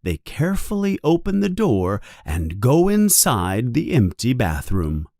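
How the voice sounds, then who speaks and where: A man reading a simple storybook aloud slowly and carefully for English learners. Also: mid-range voice, a little mellow, no room sound, studio quality. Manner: slow, clear, careful. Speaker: audiobook narrator. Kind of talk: scripted narration for English learners.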